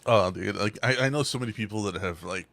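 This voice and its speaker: Male co-host, lower register, profane laughing storyteller, dead-dry recording. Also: fast talker, vocal fry, fairly bright tone, no room sound. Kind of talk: casual chat.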